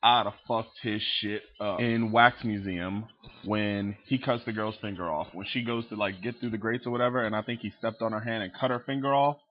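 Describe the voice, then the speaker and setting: A vlogger with a lowish voice rants casually to his webcam about movie scenes, talking a little fast. He swears a lot and acts out characters with plenty of animation. The audio sounds dull.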